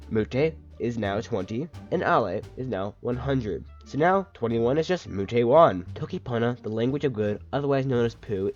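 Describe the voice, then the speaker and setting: A man's voice: mid-range voice, a little mellow. A man narrating a casual explainer video with playful, jokey asides. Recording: dull lo-fi sound with faint music.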